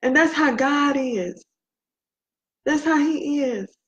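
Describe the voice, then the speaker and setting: A woman's voice: sits high, lively intonation, slow. A woman giving an inspirational faith talk, speaking emphatically and repeating key phrases for effect. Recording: dull lo-fi recording.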